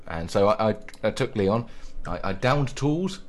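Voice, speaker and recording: A man co-hosting a radio show, chatting casually and rambling with many pauses and restarts. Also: low-pitched, expressive. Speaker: radio co-host.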